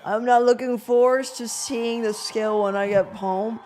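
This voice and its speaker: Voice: mid-range voice, fairly even intonation, a little slow, darkish tone. A streamer chatting casually and swearing freely, musing aloud over a watch party at home.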